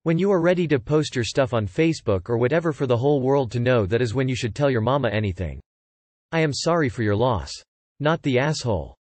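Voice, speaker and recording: A man's voice: mid-range voice, animated, fast talker, a little mellow, dry recording. Man reading posts in a dry voice. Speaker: narrator. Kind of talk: reading online posts and comments aloud.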